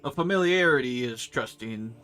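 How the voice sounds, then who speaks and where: A man's voice: mid-range voice, animated, moderate pace, bright, forceful tone, soft background music. A man recapping his tabletop campaign as game master, rambling and hesitant with many fillers and restarts.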